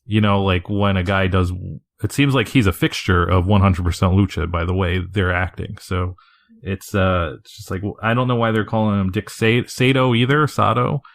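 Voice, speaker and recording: A man talking casually on a podcast, his voice sitting a bit low. He rambles, swears freely and laughs at his own asides. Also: fairly even intonation, moderate pace. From Northeast US. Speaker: podcast co-host.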